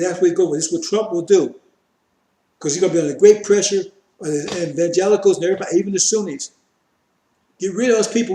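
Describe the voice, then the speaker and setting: In an echoey room, a man with a high-sitting but dark-toned voice delivers a fiery street-style sermon on scripture. He hammers his points home through emphatic repetition and calls his listeners brothers.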